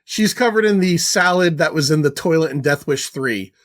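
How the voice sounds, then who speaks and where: A man co-hosting a podcast, relaxed and asking questions about a film, swearing now and then. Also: a little high, normal speed. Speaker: podcast co-host. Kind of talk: casual film discussion.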